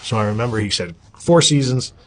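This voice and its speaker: Husky man telling a wild story. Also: medium pitch, a little fast. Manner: animated, profane storytelling, voices others in quotes. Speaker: interview guest. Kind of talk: storytelling in a casual interview.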